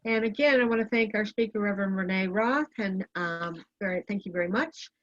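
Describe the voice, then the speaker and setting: A woman facilitating an online church service, calling on speakers in a gentle, orderly way. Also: mid-range voice, a little fast, no room sound, dull audio. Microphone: video call.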